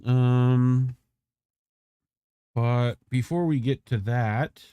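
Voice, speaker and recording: A man co-hosting an independent news livestream in a loose, chatty manner, full of fillers and asides. The sound is dry and close. His voice sits at an average pitch. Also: drawn-out words, smooth, no echo, dull audio. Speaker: news show co-host. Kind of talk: casual commentary on a livestream.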